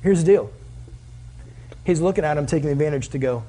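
A man's voice: on the high side, brisk, long pauses, dark tone. A man preaching a sermon as pastor, casual and conversational, asking the listeners many questions.

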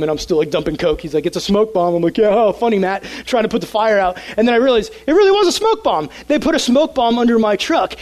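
High-voiced energetic male preacher. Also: rough recording. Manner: animated storytelling, energetic. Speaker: youth pastor. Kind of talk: sermon with a personal story.

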